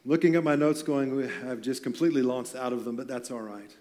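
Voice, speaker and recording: A man's voice: medium pitch, fairly even intonation, a little fast, warm tone. A man preaching a sermon on stage in a church, talking in a loose, conversational way with joking asides. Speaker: pastor.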